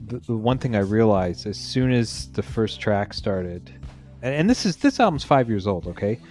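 A man hosting a casual album discussion, talking in animated bursts and interrupting himself often. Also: fairly low pitch, moderate pace, faint music behind. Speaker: podcast host.

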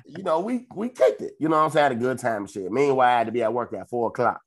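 Young Chicago man co-hosting a podcast, loose and profane storyteller whose voice leaps up when he quotes people. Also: racing. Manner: animated, profane, jumps into high quoted voices. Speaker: podcast co-host. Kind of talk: casual storytelling chat.

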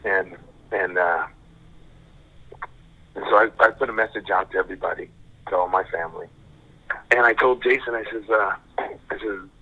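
An older man, a father, telling his story as a guest in a casual interview, soft-spoken and halting, repeating his words. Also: deep voice. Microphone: phone call. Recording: tinny phone line.

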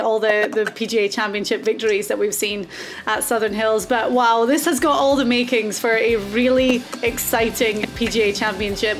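A woman hosting a podcast, chatting enthusiastically and saying "like" often. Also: a little high. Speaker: podcast host. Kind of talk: casual podcast interview.

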